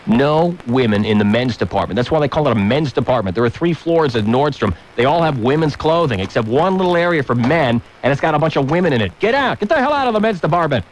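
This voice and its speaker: Ranting talk radio host, lively pitch. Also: male voice, fast talker, hardly any pauses, a little hiss or hum, poor audio. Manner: ranting, with shouted mock outbursts. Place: radio studio. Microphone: studio microphone.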